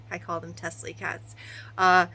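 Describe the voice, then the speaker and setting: A woman in her thirties, a mother of three, venting in a casual, animated monologue to camera with quick asides and rhetorical questions. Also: on the low side, breathy edge, low-quality recording.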